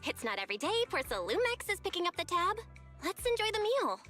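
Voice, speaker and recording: A woman's voice: very high voice, very animated, brisk. An actress playing a sociable young woman at a dinner, talking in a conversational, lightly wry way. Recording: game audio with faint music.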